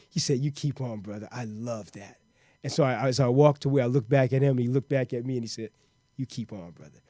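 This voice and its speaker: A man's voice: medium pitch, mellow, no echo, clean studio sound. A man hosting his own podcast, talking earnestly and often repeating words as he goes. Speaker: podcast host. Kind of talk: casual monologue.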